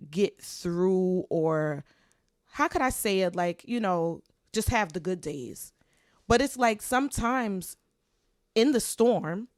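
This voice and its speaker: A woman co-hosting a podcast in heartfelt, casual chat, talking expressively and getting loud when she preaches. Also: lowish voice, dry recording, studio quality. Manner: expressive, preachy, animated swings in loudness. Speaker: podcast co-host.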